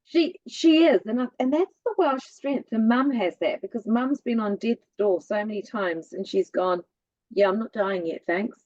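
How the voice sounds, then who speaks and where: A woman chats as a podcast guest, spinning lively stories with a sing-song, musical cadence. The recording is dry and a little muffled. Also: a little high, normal speed, hardly any pauses, dry recording. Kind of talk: casual chat.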